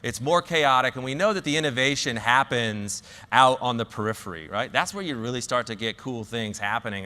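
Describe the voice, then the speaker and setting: A man with a Southern US accent gives a conference talk, telling a story with plenty of "uh"s and restarts. His voice is bright and forceful. It rings out with a long reverb, as if from a large hall. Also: mid-range voice. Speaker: conference speaker.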